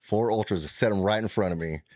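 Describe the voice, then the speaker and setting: A man telling a rambling, animated, profane trip story in casual chat. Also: fairly low pitch, fast, dry recording, clean studio sound.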